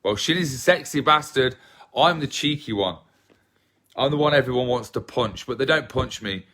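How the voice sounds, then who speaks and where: A man's voice: medium pitch, expressive, normal speed, bright, forceful tone, slight background noise. An English man with an English accent chatting casually with viewers on a livestream, self-deprecating and rambling. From England. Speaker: livestream host.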